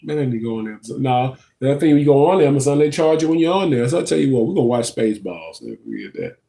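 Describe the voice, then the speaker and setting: A man's voice: animated, very fast, warm tone. A man chatting casually to his viewers on a livestream, addressing them as y'all. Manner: chatty, talks to viewers as y'all, drops into high sing-song bits. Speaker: livestream host.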